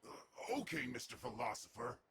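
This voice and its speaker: An actor playing a gruff, dismissive male camp guard in a video game, talking in an impatient, scoffing way. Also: mid-range voice, very animated, normal speed, background noise.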